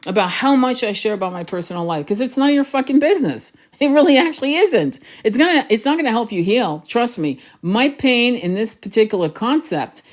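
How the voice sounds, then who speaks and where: A woman's voice: a little high, expressive, brisk, few pauses. Fiery, urgent woman spiritual reader. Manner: passionate, urgent, swears freely; emphatic, repeats herself for emphasis. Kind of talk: livestream monologue to viewers.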